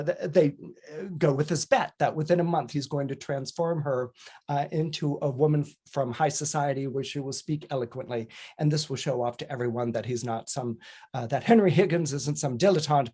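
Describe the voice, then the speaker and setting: A man's voice: fairly high pitch, darkish tone. A man, an astrologer, casually telling a story on a podcast, rambling with fillers and restarts and briefly mimicking characters. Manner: chatty, digressive, with frequent fillers and restarts.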